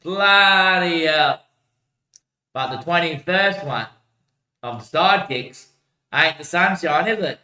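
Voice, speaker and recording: A man's voice: fairly high pitch, animated, measured pace, sharp tone. Rambling, foul-mouthed livestreamer, a man with a keen, cutting voice, laptop mic in a reverberant room. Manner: rambling, slangy, swears often, calls everyone mate. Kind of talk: casual rambling livestream chat. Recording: echoey room.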